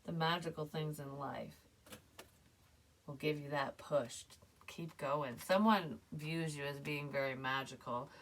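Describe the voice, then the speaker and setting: Low-pitched woman doing a casual tarot reading, chatty and emotional, swears a bit, faint hiss behind. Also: unhurried. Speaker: psychic tarot reader.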